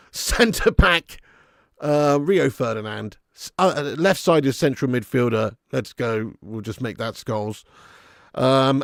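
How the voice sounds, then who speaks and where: Hosting a casual football watch-along, a man reads out messages from viewers, chats about the match and laughs a lot. His voice is fairly high and gravelly. The audio is clean studio sound without echo.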